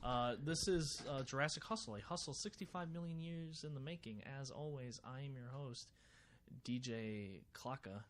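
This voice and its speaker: Male podcast host, deadpan jokes, lots of filler words, mid pitch, small studio. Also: normal speed, slight background noise. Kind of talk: casual chat.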